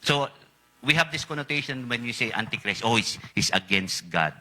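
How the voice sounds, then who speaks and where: A man's voice: expressive, fairly quick, bright, forceful tone. A man with a Filipino accent preaching a sermon, often asking the congregation for a response and mixing in Tagalog phrases. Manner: switches between English and Tagalog, asks the congregation for responses; rises sharply in pitch on emphasized words.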